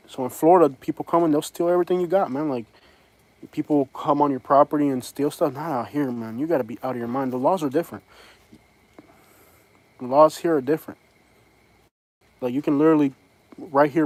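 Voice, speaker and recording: A man's voice: mid-range voice, a little mellow, dry recording, low-quality recording. A middle-aged man with a Boston accent, chatting bluntly and ramblingly to his livestream viewers. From from Boston area. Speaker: livestream host. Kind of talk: casual livestream chat.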